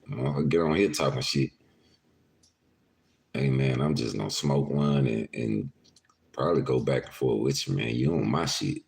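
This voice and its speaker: A rumbling low male voice with vocal fry and a darkish tone. He's at home hosting a casual livestream podcast, talking to his live chat viewers with plenty of profanity and frequent laughs.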